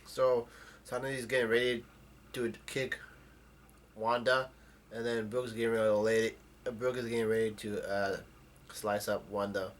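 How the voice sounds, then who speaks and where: A man casually summarizing the plot of a comic chapter, with halting speech full of ums, uhs and restarts. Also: fairly low pitch, level tone. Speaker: manga chapter recapper.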